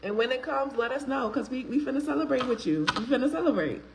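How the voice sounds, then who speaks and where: A woman's voice: high voice, lively intonation, fast talker, noisy background. A woman, hosting a live faith-based talk stream, greeting viewers by name in a chatty way with frequent ums. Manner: uses casual slang, filler ums. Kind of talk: casual live-stream chat.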